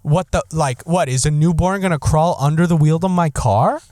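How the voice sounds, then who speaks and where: Incredulous swearing podcast co-host. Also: male voice, fairly high pitch, moderate pace, darkish tone, dry recording. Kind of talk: casual podcast chat.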